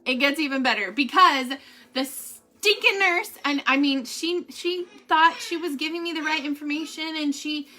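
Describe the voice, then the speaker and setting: Bright, high-voiced chatty woman vlogger. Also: moderate pace, few pauses. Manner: animated, laughs often, says "holy cow" and "y'all". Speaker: vlogger giving a family update and product review. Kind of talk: casual chatty vlog.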